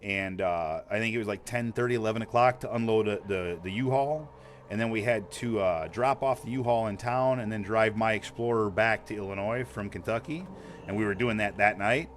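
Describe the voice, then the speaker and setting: A streamer with a slight Montana accent tells a long story while gaming, talking in a casual, rambling way, cursing freely and laughing a lot. His voice is on the low side and fairly quick.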